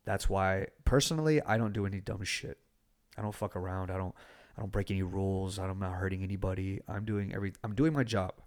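A man's voice: low-pitched, a little fast. Blunt, swearing podcast host, man. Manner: blunt, heavy swearing, animated storytelling. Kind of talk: casual chat.

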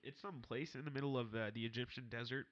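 A man's voice: medium pitch, fairly even intonation, fast, fairly bright tone, dull audio. A man co-hosting a podcast in casual comedic banter, joking and swearing often. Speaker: podcast co-host.

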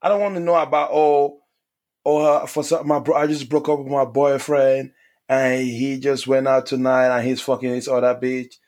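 A man's voice: medium pitch, level tone, moderate pace, a little mellow. A young man in casual podcast chat, exasperated and swearing as he complains.

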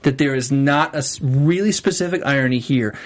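A young man co-hosting a TV after-show in casual chat, enthusiastic and emphatic, talking in quick bursts. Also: medium pitch.

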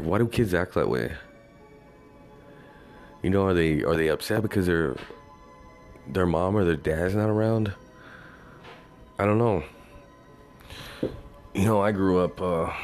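A man's voice: low voice, a little mellow. A man talking in a loose, rambling monologue, swearing freely and saying "you know" over and over. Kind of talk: casual monologue.

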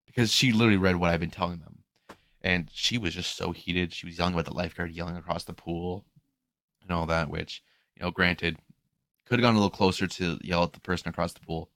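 Fast-talking low-voiced man telling a story. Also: dry recording. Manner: animated retelling, mimics voices of others, swears casually. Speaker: podcast host and pool lifeguard. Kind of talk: casual storytelling.

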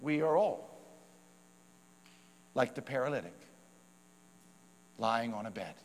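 A male pastor giving a sermon in a relaxed, conversational way, often using fillers and short laughs. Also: mid-range voice, slow, long reverb tail, poor audio.

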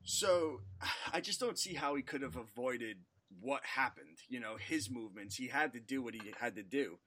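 A man's voice: mid-range voice, animated, normal speed, bright, forceful tone. Man in easygoing sports podcast chat. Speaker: podcast co-host.

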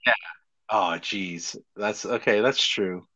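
A man's voice: lowish voice, slow pace, bright, forceful tone. A man co-hosting a casual chat, giggly and profane, slipping into jokey impressions. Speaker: podcast co-host. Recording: dull lo-fi sound.

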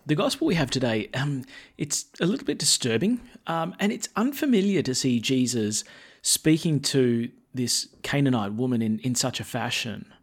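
A man giving a homily as a priest, in a loose, conversational way with frequent fillers. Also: medium pitch.

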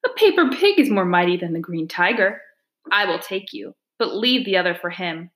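A woman's voice: lowish voice, animated, moderate pace, fairly bright tone, echoey room. A woman voicing an arrogant, cruel tiger beast in a storybook reading, growling and scornful. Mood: mocking.

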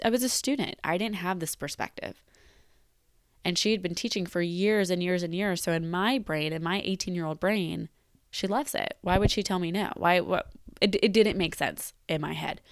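Young woman, 20s, teacher, low voice, dry close sound; candid, reflective vlog talk with emphatic repeats. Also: no echo. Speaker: teacher leaving the profession. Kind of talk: candid personal vlog monologue.

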